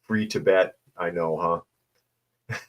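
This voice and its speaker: A man's voice: sits low, fairly even intonation, slow, dull audio. Casual news-commentary host, man, sarcastic and mocking asides. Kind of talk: casual news commentary, reading articles and chat.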